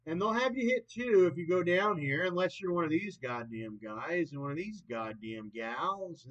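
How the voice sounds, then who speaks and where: Man, late 20s, rambling vlog monologue, profane, erratic loudness, high voice, dull recording. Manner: profane, erratic, loud and soft by turns. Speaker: vlogger. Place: old property in the countryside.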